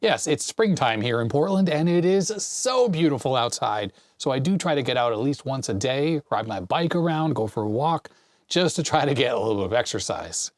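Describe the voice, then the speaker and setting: A Canadian man in his forties hosts his channel from a home basement workshop, happily rambling through a mail-call unboxing of vintage parts. Chatty and enthusiastic with tech tangents, his medium-pitched, expressive voice moves at normal speed in clean studio sound with no echo.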